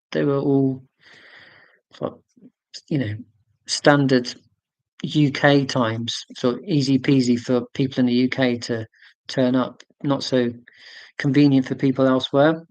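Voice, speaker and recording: On a rough recording without room sound, a mid-range, slightly mellow voice comes from a British man in his forties hosting a laid-back livestream. He responds to viewer comments in a chatty, rambling way, full of fillers and self-corrections.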